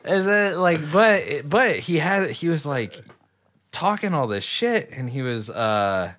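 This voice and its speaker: A man chatting casually and spinning out a long, rambling anecdote, full of swearing and bursts of laughter. His voice sits at an ordinary middle pitch. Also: big pitch swings, slow pace, a bit bright. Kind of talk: casual chat.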